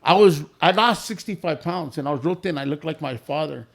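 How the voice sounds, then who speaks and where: A man's voice: on the high side, fairly quick, gravelly, fairly bright tone. A man guesting on a podcast, telling family stories in a laid-back, casual way, swearing freely and laughing as he goes. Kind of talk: casual storytelling chat.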